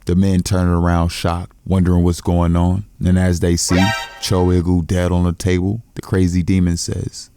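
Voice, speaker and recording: A man's voice: deep voice, completely flat delivery, moderate pace, few pauses, mellow, clean tone. A man casually retelling a story as a recap narrator. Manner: plain, casual retelling with slang.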